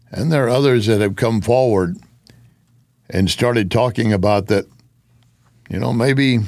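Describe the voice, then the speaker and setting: A man's voice: on the low side, darkish tone, no echo, studio quality. A man giving an opinionated political commentary monologue, with sarcastic asides.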